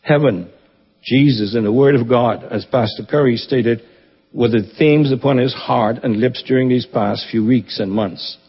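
A man delivers a funeral eulogy in an earnest, reverent way, lightened now and then by gentle humor. His voice is a little husky and sits at an ordinary middle pitch. The recording is muffled and carries a long church-hall echo. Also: normal speed. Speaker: church member giving a eulogy.

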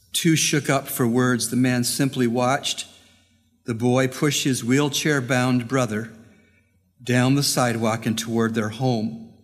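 Earnest male pastor in a reverberant hall. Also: medium pitch. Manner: earnest, deliberate pauses. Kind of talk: sermon with storytelling.

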